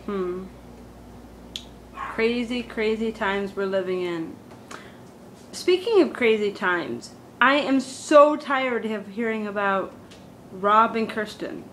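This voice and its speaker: A woman's voice: medium pitch, slow, long pauses, fairly bright tone, slight background noise, rough recording. A woman doing a comedic valley-girl monologue, full of "like" and "totally," ranting with exaggerated drama.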